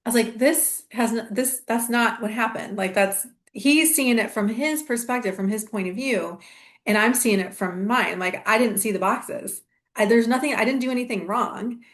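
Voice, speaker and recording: A woman's voice: fairly high pitch, normal speed. A middle-aged woman hosting an astrology channel, talking through a reflective spiritual monologue in a meandering way, with many restarts and fillers.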